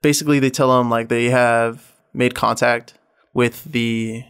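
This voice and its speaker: Male podcast host, mid-pitched, loose and swearing, fills every gap with "like". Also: fairly even intonation, a little slow, fairly bright tone, smooth. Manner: rambling, profane retelling full of "like". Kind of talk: casual chat.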